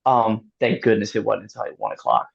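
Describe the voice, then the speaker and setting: A man being interviewed, telling a race story in a casual, animated way, laughing often and using lots of fillers. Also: lowish voice, a little fast, vocal fry. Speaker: guest athlete. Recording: dull lo-fi sound.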